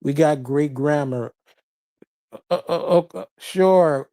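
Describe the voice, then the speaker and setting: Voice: medium pitch, takes it slowly, dark tone, dry recording. A livestreamer chatting casually and reading viewers' messages, laughing constantly while teasing them.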